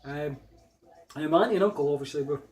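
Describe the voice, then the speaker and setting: Scottish man, a touch high, rambling anecdotes. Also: quick pace, darkish tone. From Scotland. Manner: rambling and hesitant, turning emphatic when replaying arguments. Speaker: vlogger. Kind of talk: casual anecdotal storytelling.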